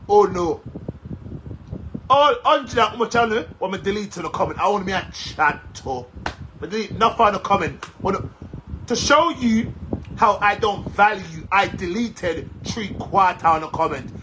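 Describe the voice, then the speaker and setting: High, bright-voiced Jamaican man ranting. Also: a little hiss or hum, poor audio. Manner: heated, cursing, repetitive. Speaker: social media commentator. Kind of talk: angry rant to followers.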